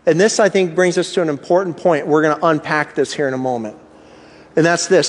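Man, pastor, sermon, high voice, rhetorical questions, reverberant hall. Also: brisk. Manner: animated, rhetorical questions, acts out inner thoughts.

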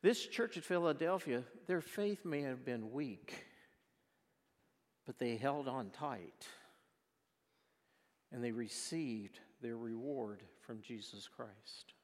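A male pastor preaching a sermon, telling stories with passion and then praying quietly. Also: medium pitch, expressive, slow pace, long pauses, in a large hall. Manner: impassioned storytelling, closing in quiet prayer. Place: church.

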